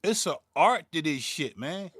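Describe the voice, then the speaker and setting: A man's voice: fairly high pitch, lively intonation, unhurried, a bit bright, husky, no echo, clean studio sound. A man, hosting his own beatmaking channel and ranting in a profane, heated way, stumbling and repeating words as he gets worked up. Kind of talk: livestream rant.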